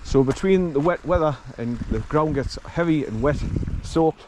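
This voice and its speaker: A man's voice: a little high, expressive, normal speed, darkish tone, poor audio. An older man chatting casually while walking his dog outdoors. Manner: chatty, laughs often, coos at his dog. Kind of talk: casual outdoor vlog chat. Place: outdoors by a river road in wind. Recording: wind noise outdoors.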